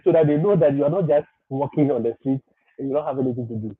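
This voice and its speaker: Man, livestream host, emphatic, repeats himself, laughs often, husky, tinny phone-like sound. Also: medium pitch, quick pace, dry recording. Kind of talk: livestream advice talk.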